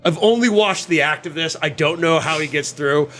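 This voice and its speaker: A man hosting a podcast in casual chat, animated and profane, breaking off into quick impressions. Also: a little high. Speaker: podcast host.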